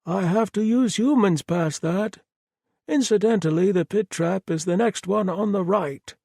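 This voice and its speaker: In an audiobook, a man voices a cheerful, polite, remorseless murderer, pushing his pitch high above his own with an exaggerated, slightly slow delivery, vocal fry and a dark tone. The character sounds chirpy, cheerfully apologetic and oddly reasonable, recorded dry in a clean studio.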